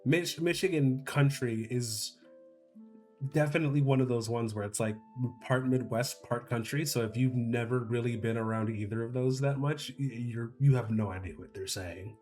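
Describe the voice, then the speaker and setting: A man's voice: mid-range voice, normal speed, darkish tone, soft background music. A man in casual chat who rambles, repeats himself and laughs often. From Chicago area.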